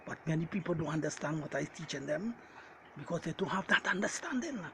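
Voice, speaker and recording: A man delivering a preaching message as a self-styled Bible teacher, talking straight to his listeners, hammering his points with repeated refrains and calling them ladies and gentlemen. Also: on the high side, animated, fairly quick, gravelly, slight background noise, low-quality recording.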